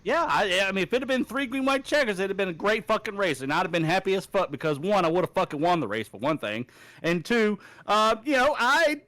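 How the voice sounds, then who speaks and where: Furious foul-mouthed man, high animated voice. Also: a little fast, dry recording. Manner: angry, swears constantly. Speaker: sim racing driver. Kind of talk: profane post-race rant.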